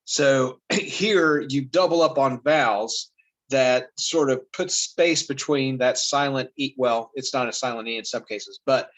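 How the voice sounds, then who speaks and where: A man talks through a spelling lesson as an informal commentator, pausing often and restarting his sentences. His voice is of middle pitch and sounds easygoing, like a teacher thinking aloud over the material. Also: poor audio. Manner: relaxed and halting, with many fillers and restarts. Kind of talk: casual spoken commentary.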